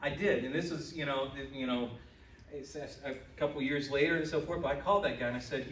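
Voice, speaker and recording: Animated male pastor in an echoey church. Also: medium pitch, quick pace, noisy background. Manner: animated, builds to loud exclamations. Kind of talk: sermon. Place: church sanctuary. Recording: echoey church, mic from a distance.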